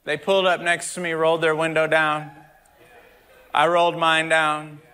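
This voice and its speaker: A man preaching as a pastor, storytelling and then rising to loud shouted preaching before dropping back low. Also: little pitch movement, moderate pace, clean tone. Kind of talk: sermon.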